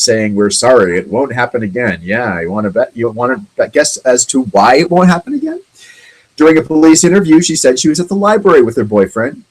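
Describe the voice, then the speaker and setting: A man talks through strange news stories as the host of his own online show. His voice is husky and a bit breathy, sitting at an ordinary middle pitch. He rambles, stalls on ums and uhs, and drops sarcastic little jokes between the facts. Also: low-quality recording. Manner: rambling, halting, with many ums and asides; sarcastic, jokey remarks on the stories. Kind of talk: casual commentary on odd news stories.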